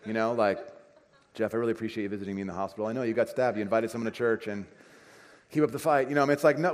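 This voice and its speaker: A pastor preaching a conversational sermon, acting out everyday dialogue. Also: male voice, fairly low pitch, very fast. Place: church sanctuary. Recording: reverberant church hall.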